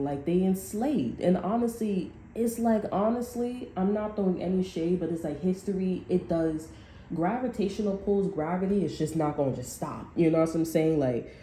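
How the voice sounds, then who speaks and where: A woman with a low, very dark and mellow voice, rambling and swearing emphatically as she gives a casual tarot reading. She sounds like she is in an echoey room, with a faint hiss of noise behind her. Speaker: tarot reader. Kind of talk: casual unscripted tarot monologue.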